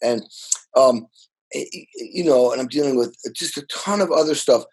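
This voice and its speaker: A man's voice: medium pitch, moderate pace, slightly rough, poor audio. An older man, a drummer, telling stories in an interview with energy and enthusiasm, often restarting and repeating words. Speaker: guest drummer. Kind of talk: animated storytelling in casual interview.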